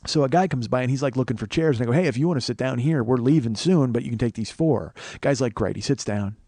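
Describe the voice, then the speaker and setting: A man from Chicago, a podcast host, telling a long comic story in a profane, animated way. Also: mid-range voice, quick pace, no room sound. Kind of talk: comedic storytelling monologue.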